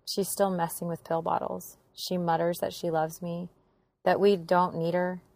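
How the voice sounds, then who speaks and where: A woman's voice: fairly low pitch, little pitch movement, normal speed, vocal fry, a little mellow. A young woman earnestly narrating a painful personal story, with emotion in her telling.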